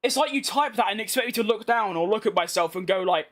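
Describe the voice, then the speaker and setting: A man's voice: extremely high pitch, a little fast, fairly bright tone. A young British man casually commentating over his racing game, chatting bluntly with his viewers and reading their messages. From Britain. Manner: chatty, blunt, reads chat and banters back. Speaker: gaming streamer.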